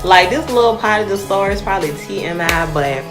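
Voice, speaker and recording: A young woman telling a personal story to her viewers in a casual, animated way, often calling them y'all. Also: medium pitch, fairly quick, over music.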